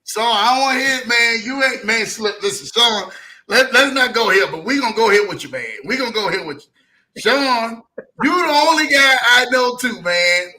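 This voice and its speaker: A man hosting a talk show, hyping up his guest in slangy, excited chat. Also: very high-pitched. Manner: hyped, slangy, hypes up the guest. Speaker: show host. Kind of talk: casual interview chat.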